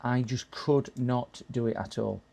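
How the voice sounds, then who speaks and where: Gravelly man chatting on stream. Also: mid-range voice, fairly even intonation, unhurried, dark tone. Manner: chatty, talks to chat while working, frequent restarts and laughs. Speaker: live-stream repair streamer. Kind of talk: casual live-stream chat.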